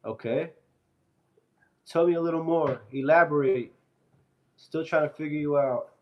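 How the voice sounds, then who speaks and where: A man's voice: fairly high pitch, unhurried, highs cut off. Playful man chatting on a live stream. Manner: loose and playful, calls viewers "bro". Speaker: fitness streamer. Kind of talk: casual live-stream chat, reading viewer comments. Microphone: phone.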